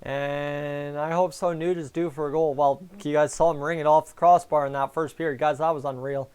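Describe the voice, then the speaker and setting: Chatty man, smooth clear voice. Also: on the high side, fairly even intonation, moderate pace, darkish tone. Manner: chatty, answers viewers by name. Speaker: live-stream host. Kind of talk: casual fan commentary and chat replies. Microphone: headset.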